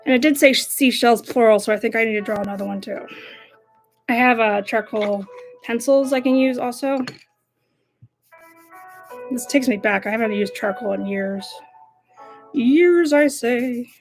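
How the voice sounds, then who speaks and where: A woman's voice: fairly high pitch, fairly even intonation, moderate pace, long pauses, soft background music. A young adult woman chatting casually while she draws, self-mocking and laughing often. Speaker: art vlogger. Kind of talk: casual narration while drawing.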